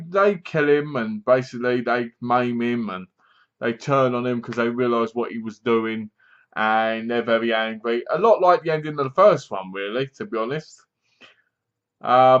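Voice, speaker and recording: A man's voice: medium pitch, moderate pace, a bit bright, highs cut off. A man retelling a film's plot in a casual review vlog, rambling along with plenty of fillers. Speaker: film reviewer.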